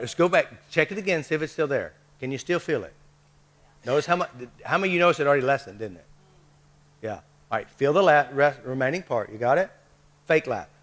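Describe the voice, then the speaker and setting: Bright-voiced man coaching a workshop. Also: mid-range voice, slight background noise. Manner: coaxing, repeats short prompts. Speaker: workshop leader. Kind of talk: live workshop teaching.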